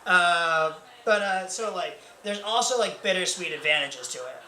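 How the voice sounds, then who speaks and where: Young guy doing stand-up, lots of likes and ums, high voice, roomy club sound, faint noise behind. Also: normal speed, pushed and bright. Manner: rambling, filler-heavy, self-mocking. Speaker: stand-up comedian. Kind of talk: stand-up comedy set.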